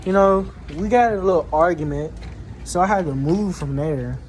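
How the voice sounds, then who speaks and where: A young man with a squeaky voice chatting casually in a vlog, rambling with restarts, recorded on a phone outdoors. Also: darkish tone, a little hiss or hum. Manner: rambling, restarts, drawn-out pauses. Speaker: vlogger.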